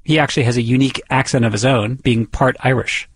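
A man's voice: medium pitch, steady tone, fast, husky. A man from the Boston area narrating a radio feature and interviewing people, curious and conversational. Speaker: reporter and narrator.

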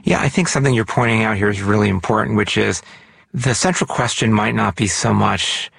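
A man hosting a podcast, narrating and interviewing in a measured, explanatory way. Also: on the low side, gravelly, a bit bright, a little hiss or hum. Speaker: podcast host.

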